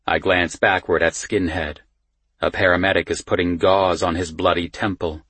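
A man reading a first-person thriller audiobook in a tense, measured storytelling manner on a close studio mic. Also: deep voice, fairly even intonation, fairly bright tone, slightly rough, dry recording. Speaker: audiobook narrator.

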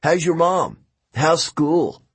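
A man reading an audiobook voices a smooth, mocking young male villain. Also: fairly high pitch, expressive, slow pace, dry recording, voice pushed up, exaggerated voice.

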